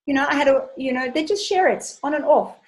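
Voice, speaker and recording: A woman's voice: high-pitched, a little fast, rough recording. A woman money coach hosting a live webinar, answering viewer questions with enthusiastic, chatty storytelling.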